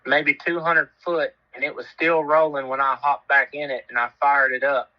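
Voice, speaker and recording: A man's voice: mid-range voice, level tone, normal speed, muffled recording. A man, telling a self-mocking story in casual chat and swearing freely. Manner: laid-back, laughs at himself, swears freely.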